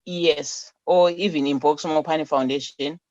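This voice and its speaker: Halting woman on a dull remote line. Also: low voice, fairly even intonation, a little mellow, dry recording. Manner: halting, repeats words while searching. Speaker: charity founder, interview guest. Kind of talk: remote radio interview.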